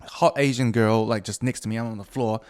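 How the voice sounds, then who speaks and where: A man's voice: on the low side, fairly even intonation, a little fast, a little mellow. Rambling, profane middle-aged man. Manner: profane, rambling, self-mocking. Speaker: podcast host. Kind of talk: casual solo podcast monologue.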